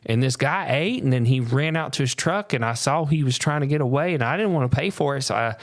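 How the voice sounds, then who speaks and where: A man's voice: medium pitch, lively intonation, quick pace, dry recording, clean studio sound, pitched above the performer's own voice, close to an everyday voice. A man voicing a chatty small-town waitress, telling her story in a folksy, matter-of-fact way in a raised voice.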